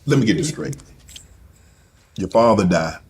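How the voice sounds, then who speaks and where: A man's voice: fairly low pitch, lively intonation, measured pace, darkish tone, slightly rough. A man hosting an interview, reacting with short, encouraging interjections. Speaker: host. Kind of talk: casual interview.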